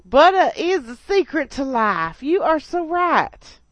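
A woman's voice: sits high, very animated, slow pace, no room sound, voice pushed up, full character voice. A woman putting on a drawling Southern accent, playing a gushing, butter-obsessed woman cook. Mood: folksy. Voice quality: drawling, exaggerated.

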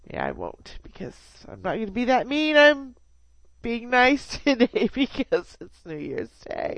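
Brief: giggly woman radio host, slightly high voice, dry close mic. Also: wildly swooping pitch, unhurried, no room sound, muffled recording. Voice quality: chatty, giggly, playful. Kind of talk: casual radio banter.

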